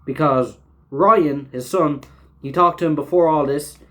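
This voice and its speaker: Man, fairly high voice, loose reaction-show host: casual, rambling, filler-heavy, swears a lot. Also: a little slow, a bit bright. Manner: rambling, filler-heavy, swears often, laughs while talking. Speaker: show host reviewing an episode.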